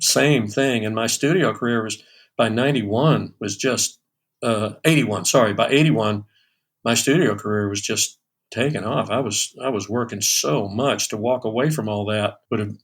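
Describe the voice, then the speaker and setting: Speaking at a moderate pace in a slightly rough, medium-pitched voice, a man in his sixties recounts stories from his session drumming career for a podcast interviewer, often restarting and using fillers.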